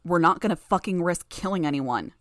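A woman voicing a menacing teenage boy gang leader who talks in a low, growling, commanding way. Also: expressive, fairly quick, fairly bright tone, no echo, studio quality.

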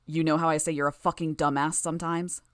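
A woman voicing a sharp-tongued, smug teenage girl villain who rattles off quick explanations in a storybook reading. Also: low-pitched, flat delivery, no room sound, clean studio sound, natural voice. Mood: knowing, urgent.

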